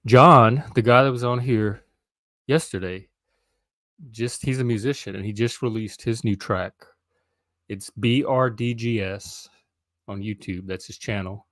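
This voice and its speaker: A man's voice: on the low side, a little slow, a bit bright, dry recording, studio quality. A middle-aged man hosting a casual solo live stream, rambling and hesitant with frequent ums.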